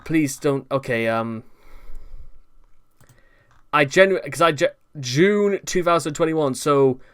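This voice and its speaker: A man's voice: a little high, slow, a bit bright, clean tone. A man hosting an online commentary video, reading notes and breaking off in exasperated, rambling asides. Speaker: commentary channel host.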